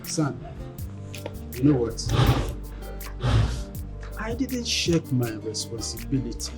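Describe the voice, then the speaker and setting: A man's voice: mid-range voice, sing-song, takes it slowly, music in the background. An actor playing a father who keeps begging his child for forgiveness. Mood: remorseful. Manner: pleading, repeating requests for forgiveness.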